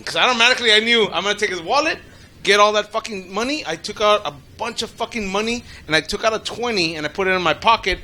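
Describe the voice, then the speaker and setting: A man's voice: high-pitched, bright, forceful tone. A man co-hosting a podcast, telling profane, laugh-filled stories in casual chat and acting out other people's lines. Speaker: podcast co-host.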